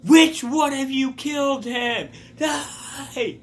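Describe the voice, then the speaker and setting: A man voicing a grieving, furious old woman in a shrill, wailing voice. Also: extremely slow, slight background noise, heavily acted. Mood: wailing fury.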